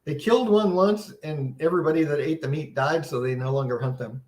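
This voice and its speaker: A man's voice: on the high side, fairly quick, a little mellow. Man, seminar presenter, casual live talk, earnest and wondering, frequent restarts, echoey room.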